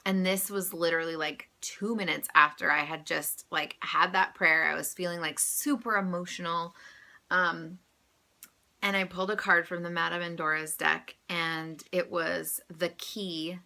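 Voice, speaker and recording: A woman's voice: lowish voice, fairly even intonation, measured pace, creaky, sharp tone. A woman in her thirties, a tarot vlogger, talking casually and emotionally, with many fillers. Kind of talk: casual vlog monologue.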